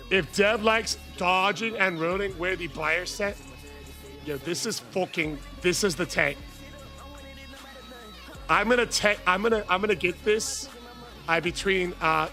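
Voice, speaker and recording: A man chatting on a live game stream, loud and hyped, often yelling catchphrases. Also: high-pitched, moderate pace, long pauses, faint music behind. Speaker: gaming streamer. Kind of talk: live gameplay stream chat.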